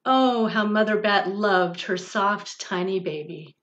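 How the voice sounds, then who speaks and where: A woman, a church's director of religious education, reading a picture book aloud for children in a gentle, expressive way. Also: medium pitch, takes it slowly. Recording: dull lo-fi recording.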